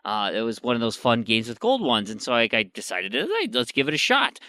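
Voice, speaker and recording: Chatty man on a gaming podcast, bright dry voice. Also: mid-range voice, huge pitch swings, a little fast, no room sound. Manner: rambling, full of fillers and restarts. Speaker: podcast co-host. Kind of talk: casual gaming chat.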